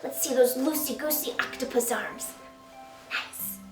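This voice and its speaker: A woman's voice: high voice, unhurried, echoey room, distant mic, faint music behind. A woman, the author, reading her picture book aloud to children in a playful sing-song way, asking them to join in. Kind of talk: storytime read-aloud for children.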